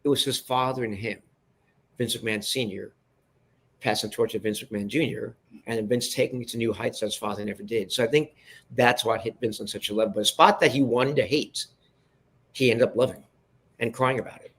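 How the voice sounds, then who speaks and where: A man telling behind-the-scenes stories as a guest on an interview show. He speaks in an animated, restarting way, often turns to address the listeners, and sits at a middle pitch for a man. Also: brisk, husky. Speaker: guest, television producer. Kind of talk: storytelling in a podcast interview.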